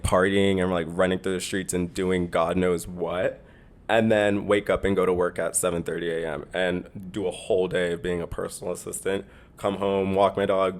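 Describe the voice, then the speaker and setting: A man's voice: low-pitched, flat delivery, fairly quick. A young Canadian man with a Canadian accent, hosting a casual solo podcast in a rambling way, full of fillers and repeated words. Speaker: podcast host.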